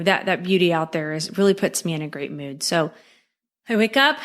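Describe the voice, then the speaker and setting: A woman's voice: mid-range voice, fairly bright tone. Female podcast host, motivational coach, upbeat and encouraging, talks right to the listener. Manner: upbeat, encouraging, addresses listener directly with frequent "okay?".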